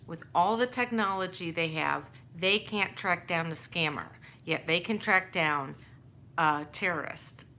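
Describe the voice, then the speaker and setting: A woman's voice: medium pitch, bright, forceful tone. A woman telling a personal story in a casual, rambling way, exasperated and restarting often.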